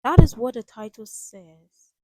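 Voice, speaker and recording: A woman's voice: on the high side, animated, measured pace, a little mellow, dry recording, poor audio. A woman hosting a reaction video, giving emphatic casual commentary and repeating her key phrases.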